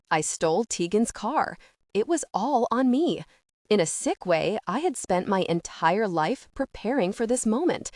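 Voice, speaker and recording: A woman narrating a first-person audiobook with a steady, earnest reading. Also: medium pitch, dry recording, clean studio sound.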